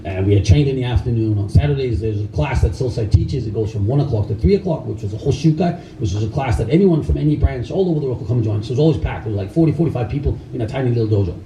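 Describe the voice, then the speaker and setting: Dark-voiced man telling stories in an echoey hall. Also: mid-range voice, very fast, few pauses, slight background noise. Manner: animated, laughing often, acts out the people he quotes. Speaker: karate instructor telling stories at a camp. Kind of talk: storytelling to a live audience. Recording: echoey room, voice far from mic.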